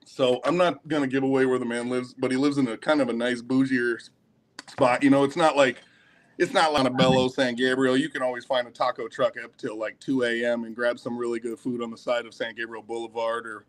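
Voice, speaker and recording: A man in casual livestream chat, an animated storyteller who swears freely and acts out the voices of people he quotes. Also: medium pitch, a little fast.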